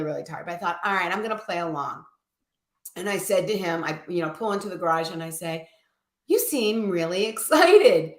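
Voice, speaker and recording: A middle-aged woman, a live-show guest, telling a story in a casual, animated way and acting out quoted voices. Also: mid-range voice. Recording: echoey room.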